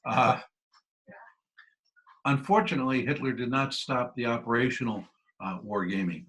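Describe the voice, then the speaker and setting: A man's voice: mid-range voice, fairly even intonation, moderate pace, pauses often, a bit bright, low-quality recording. A man giving a history lecture with slides, talking in a loose conversational way with many fillers and restarts. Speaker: guest lecturer.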